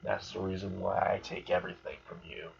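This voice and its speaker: Man playing a vengeful young man, deep, gravelly, low gloating. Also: level tone, fairly quick, a little hiss or hum. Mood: bitter. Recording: muffled lo-fi recording.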